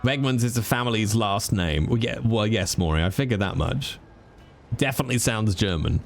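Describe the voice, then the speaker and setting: A man's voice: fairly low pitch, lively intonation, normal speed, creaky, a little hiss or hum. A British man who streams, talking with his viewers in a chatty, joking way. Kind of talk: casual chat with viewers.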